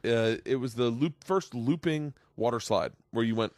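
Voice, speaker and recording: A man in his forties hosting a podcast, telling rambling, excitable stories with plenty of swearing. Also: medium pitch, moderate pace, dry recording. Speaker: podcast host. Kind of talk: casual podcast chat, storytelling.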